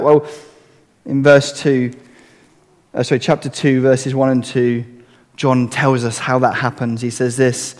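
A man's voice: mid-range voice, unhurried, a little mellow. A man preaching a sermon in an earnest, conversational way, asking rhetorical questions of his congregation. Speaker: pastor. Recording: long hall reverb.

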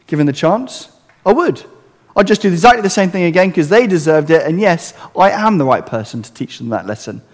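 A man preaches to his congregation in an earnest, conversational way, often turning to rhetorical questions. His voice sits somewhat high for a man. The sound carries a long reverb, as in a church hall. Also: lively intonation, brisk. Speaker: pastor. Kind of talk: sermon.

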